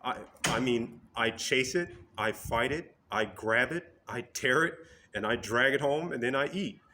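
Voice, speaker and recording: A man voicing a fierce male wild lion who speaks in a plain, steady, matter-of-fact way. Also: medium pitch, unhurried, a little hiss or hum.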